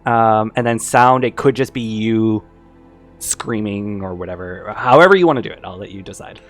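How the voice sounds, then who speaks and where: A man running a tabletop game as game master, reading out rules in a relaxed way and laughing often. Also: lowish voice, normal speed, faint music behind.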